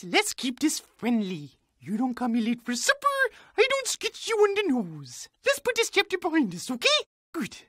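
A squeaky, sky-high cartoon cat, chattering in bubbly sing-song and playful broken grammar. The voice leaps all over its range and has a bright, sharp edge, recorded close and dry. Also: female voice, no echo, exaggerated voice. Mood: mock-stern. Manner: bubbly, sing-song, repeats her own names in rapid chants. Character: chatty, cheerful cartoon cat, silly and excitable. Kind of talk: cartoon voice acting.

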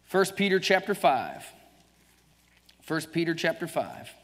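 A man's voice: on the high side, big pitch swings, unhurried. A man with a Southern US accent preaching a sermon to his congregation, emphatic and joking with them, chuckling often. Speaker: pastor. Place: church sanctuary. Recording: church livestream, long reverb.

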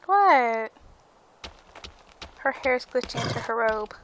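A woman's voice: fairly high pitch, expressive, slow pace, fairly bright tone, slight background noise. A woman hosting a let's play, chatting casually about her game, giggly and often tripping over her words. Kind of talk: casual gameplay commentary.

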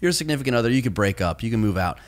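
A man hosting a podcast, asking a guest relaxed, conversational questions in a casual interview. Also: mid-range voice, very fast. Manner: relaxed, conversational, asks long framing questions. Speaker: podcast host.

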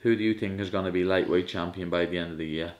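A young man with a Scouse accent, chatting casually in a vlog, loud and swearing, saying "lad" every few words. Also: low voice, steady tone, fast talker. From Liverpool, England. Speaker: fighter vlogging.

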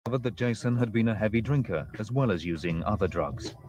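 A man giving measured, scripted documentary narration. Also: fairly low pitch, noisy background. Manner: measured, even delivery. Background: music.

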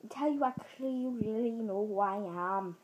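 A woman's voice: a little high, moderate pace, noisy background. A woman from Ohio chatting to camera in a giggly, scattered, jokey way. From Ohio, United States. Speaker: vlogger. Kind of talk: casual rambling to camera.

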